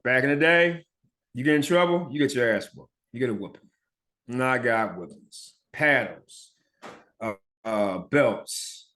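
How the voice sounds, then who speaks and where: A man's voice: mid-range voice, fairly bright tone. A man from Philadelphia hosting a podcast and telling his own story in a blunt, chatty way, with profanity and the occasional stutter or mumbled word. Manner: stutters and mumbles now and then. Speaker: podcast host. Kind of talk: casual personal storytelling.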